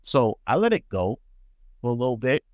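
A man co-hosting a casual podcast, telling a work story with animated, swear-laced reenactments. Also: moderate pace, no room sound, dull audio. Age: adult, calls himself too old for that. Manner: animated, acts out quotes with sharp pitch jumps, swears freely. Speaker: podcast co-host.

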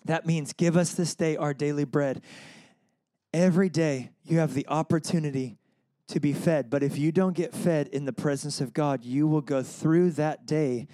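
Animated young man preaching a sermon. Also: fairly high pitch, normal speed, no room sound, studio quality. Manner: animated storytelling with laughs and call-and-response. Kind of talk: casual sermon.

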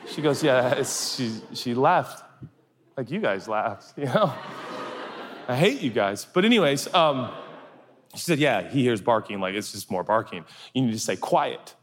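Male pastor, animated comic storyteller, lively delivery, recorded in a reverberant hall. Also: medium pitch, measured pace. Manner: animated, acts out voices for comic anecdotes. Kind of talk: sermon storytelling. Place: large hall with audience.

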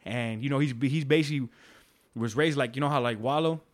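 A man's voice: medium pitch, brisk. A man telling stories in casual podcast chat, slangy and profane, rambling with restarts.

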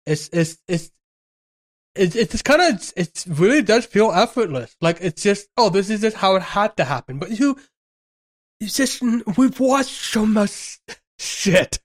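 A man co-hosting a podcast, discussing a film in a casual, rambling way with many restarts and fillers. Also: high-pitched. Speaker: podcast co-host.

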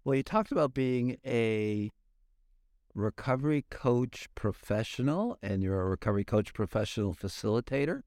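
A man's voice: medium pitch, expressive, moderate pace, a little mellow, no room sound, studio quality. A man co-hosting a podcast, joking around and asking the guest questions. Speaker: co-host. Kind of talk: podcast interview.

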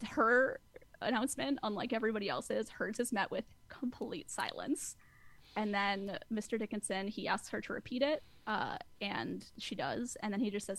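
A woman hosting a casual recap chat, lively, acting out quotes and laughing often. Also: a little high, moderate pace. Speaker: podcast host recapping a show.

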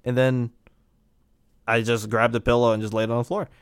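A man's voice: medium pitch, level tone, moderate pace, clear, resonant tone, no echo, studio quality. A man from the United States co-hosting a podcast, telling stories in a rambling, joking way and laughing often. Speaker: podcast co-host. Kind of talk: casual storytelling chat.

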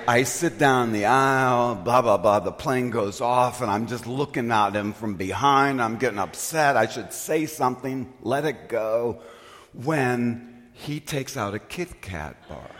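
A man preaching a storytelling sermon as pastor, animated and poking fun at himself. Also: medium pitch. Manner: animated, self-mocking storyteller. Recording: long reverb of a large hall.

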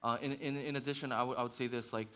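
A man's voice: medium pitch, fairly even intonation, racing. A man preaching a sermon as pastor, passionate and conversational, with fillers and restarts, building to intense peaks. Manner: passionate, rising to near-shouting intensity.

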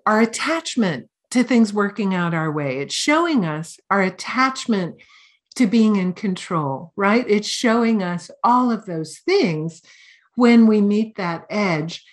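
A middle-aged woman teaching as a Buddhist teacher, giving a conversational dharma talk with lively storytelling and casual fillers. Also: mid-range voice.

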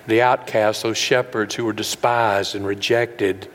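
A man preaching a sermon as pastor, folksy and earnest, building up to loud, high peaks. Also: steady tone, unhurried, long reverb tail. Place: large room with an audience.

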